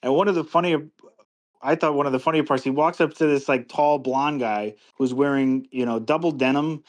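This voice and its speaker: A man's voice: on the high side, fairly even intonation, a little fast. A man co-hosting a movie podcast, talking casually in a rambling, hesitant way with many restarts. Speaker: podcast co-host. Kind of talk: casual movie review chat.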